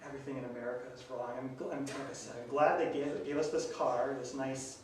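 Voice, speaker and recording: A man performing improv comedy on stage, playful and halting, full of restarts. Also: mid-range voice, steady tone. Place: theater stage. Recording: echoey stage mic from far off with noise.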